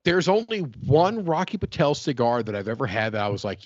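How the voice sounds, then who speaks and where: A man's voice: medium pitch, very animated, brisk, dry recording, muffled recording. A man from West Virginia co-hosting a casual podcast chat, rambling and repeating himself with frequent laughs. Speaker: podcast co-host.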